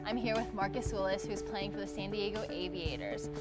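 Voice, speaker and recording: A woman interviewing a player in a playful quick-fire format, upbeat and encouraging. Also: medium pitch, fairly even intonation. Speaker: courtside interviewer. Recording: interview with music playing behind.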